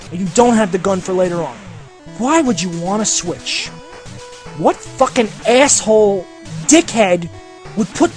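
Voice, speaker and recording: A man ranting sarcastically over gameplay as a game reviewer, swearing constantly and sounding fed up. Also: sits high. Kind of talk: profane gameplay commentary rant.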